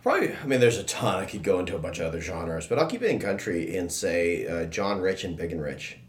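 A man's voice: low voice, sing-song, quick pace. A man co-hosting a radio show, telling a story earnestly in casual chat.

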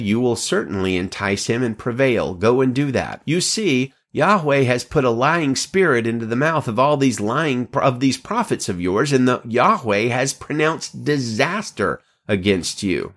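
A man reading scripture aloud at an unhurried pace, with occasional slips and self-corrections, lifting his pitch for quoted speech. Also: fairly bright tone. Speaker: scripture reader.

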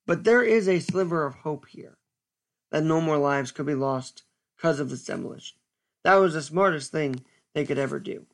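A man giving an earnest, stern solo commentary as a podcast host, speaking deliberately with pauses. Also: fairly high pitch, lively intonation, vocal fry.

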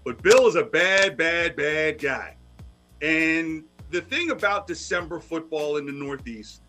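Male co-host who cracks jokes, with a bright, fairly high voice. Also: expressive, normal speed, faint music behind. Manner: joking, wisecracking banter. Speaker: sports show co-host. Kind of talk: casual sports talk.

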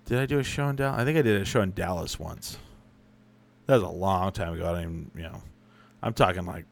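A man's voice: deep voice, quick pace, vocal fry. A young adult man chatting casually as a podcast host, answering listener questions with rambling, profane, self-correcting stories. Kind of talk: casual chat.

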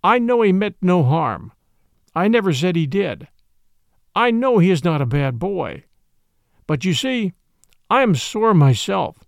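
A man's voice: high-pitched, big pitch swings, a little slow, vocal fry, pauses often, no echo, studio quality, heavily acted. A man voicing an earnest adult groom who speaks with grieved, indignant reproach. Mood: sorrowful.

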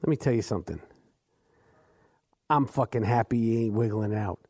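Dark-voiced man ranting, swearing. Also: on the low side, normal speed, no room sound, studio quality. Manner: loud, swearing, mock-insulting. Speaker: podcast host. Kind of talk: profane comedic rant.

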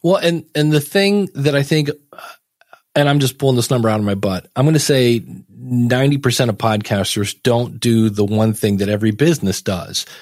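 A man's voice: medium pitch, moderate pace, a little mellow, no echo, clean studio sound. Folksy podcast guest, American man. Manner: folksy, acts out quoted voices. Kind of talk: casual chat.

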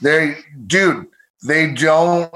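A man's voice: on the high side, extremely slow, sharp tone, rough recording. A man co-hosting a casual podcast, talking bluntly and in a laid-back way. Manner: blunt, laid-back, says dude a lot. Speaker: podcast co-host. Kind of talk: casual chat.

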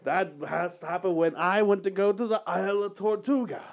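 A man's voice: high voice, moderate pace, creaky. A man putting on the voice of a drunken, swaggering male pirate captain with a rum-soaked drawl. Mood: bewildered.

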